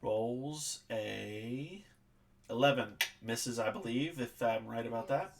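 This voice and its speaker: A man narrating as game master of a tabletop game, animated and quick to laugh. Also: mid-range voice, vocal fry, slight background noise.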